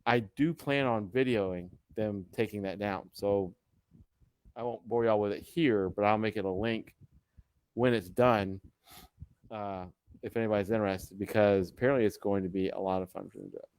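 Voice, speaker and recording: A man with a drawl chats loosely on a live video call, cursing and joking as he rambles along. His voice sits a little low, and the sound is close and dry with no room around it. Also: fairly even intonation, moderate pace, darkish tone, smooth, no room sound. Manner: rambling, profane, jokey. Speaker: live chat host. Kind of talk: casual live chat.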